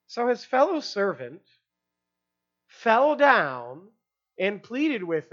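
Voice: mid-range voice, very animated, slow, fairly bright tone. Conversational preacher, dull lo-fi sound. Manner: conversational, with rhetorical questions and fillers. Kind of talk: expository sermon.

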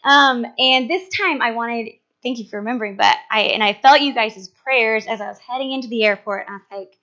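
A woman's voice: a little high, pushed and bright. A woman with a Minnesotan accent giving a casual report on a medical mission trip to a church group, talking into a large handheld microphone with lots of fillers. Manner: chatty, many fillers, quick self-corrections. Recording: dull lo-fi sound.

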